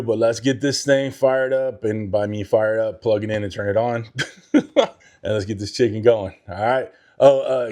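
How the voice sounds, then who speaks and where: A man's voice: mid-range voice, darkish tone. A man hosting a casual home cooking vlog in a chatty, self-mocking way, stumbling over words as he talks through a recipe in his kitchen. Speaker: cooking channel host.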